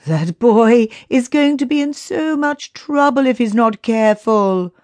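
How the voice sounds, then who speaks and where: A woman's voice: a little high, lively intonation, unhurried, a little mellow, voice pushed up. A woman voicing an amused elder who speaks with a chuckle. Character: amused elder watching the children.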